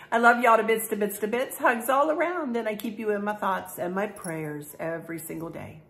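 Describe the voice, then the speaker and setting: A woman's voice: fairly low pitch, gravelly. A middle-aged woman, chatting through a home decor vlog in a gushing, folksy way, teary and emotional. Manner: gushing, folksy, repeats herself. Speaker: craft and home decor vlogger.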